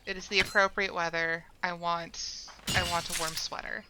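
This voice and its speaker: A woman's voice: fairly low pitch, flat delivery, moderate pace, heavy background noise. A woman streamer giving casual, rambling commentary while playing a game, often correcting herself mid-sentence. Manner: chatty, rambling, self-correcting.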